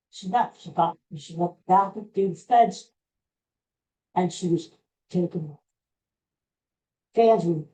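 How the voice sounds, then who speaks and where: A man slowly retelling a personal story in a rambling, halting way, with frequent restarts. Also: high-pitched, mellow, poor audio.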